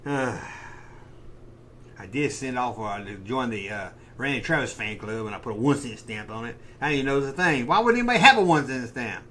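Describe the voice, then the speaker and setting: A man's voice: medium pitch, a little fast, bright, forceful tone, a little hiss or hum. A middle-aged man cohosting a casual chat show, joking and rambling in loose banter. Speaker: podcast co-host.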